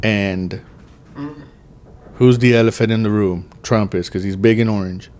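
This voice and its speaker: A man's voice: fairly low pitch, fairly even intonation, measured pace, darkish tone. A man in his thirties hosting a podcast, rambling and joking with heavy swearing in casual chat. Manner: profane, rambling, jokey. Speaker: podcast host.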